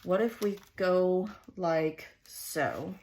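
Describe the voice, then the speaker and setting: On her laid-back scrapbooking vlog, a Southern US woman thinks aloud while placing stickers, chatty and second-guessing herself. Her voice is lowish, very slow, and a little mellow, with slight background noise.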